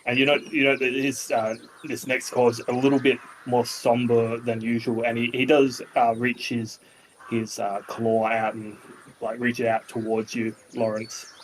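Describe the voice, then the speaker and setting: A man's voice: medium pitch, flat delivery, normal speed, slight background noise, low-quality recording. A man with an Australian accent narrating a tabletop game as game master, loose and hesitant, often restarting his sentences.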